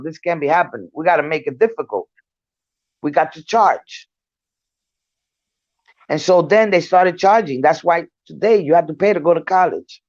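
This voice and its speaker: An older woman talks openly and bluntly, swearing freely as she tells stories. Her voice sits at an ordinary middle pitch. The sound is dry and a bit muffled, like a lo-fi recording. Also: no echo. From New York. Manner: frank storytelling, swears freely. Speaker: guest speaker. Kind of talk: casual discussion.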